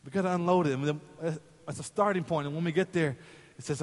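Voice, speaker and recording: A male pastor preaching a sermon in a church, telling a story in an animated way and acting out its voices. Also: fairly high pitch, quick pace, in a large hall. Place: church sanctuary.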